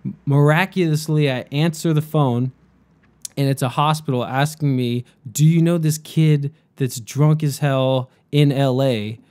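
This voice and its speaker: A man's voice: on the high side, fairly even intonation, a little slow, darkish tone. A young man and podcast host telling a story in casual chat, rambling and profane, with lots of "like".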